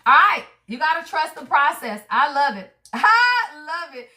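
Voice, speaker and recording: On a livestream, a tarot reader does a spiritual card reading, chatting emphatically and directly to her viewers with casual slang and swearing. Her high-pitched voice is bright and forceful, at a moderate pace.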